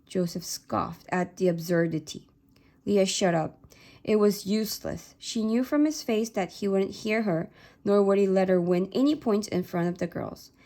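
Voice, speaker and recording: Gravelly-voiced woman reading a novel aloud. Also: medium pitch, moderate pace, mellow. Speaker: reader of a novel.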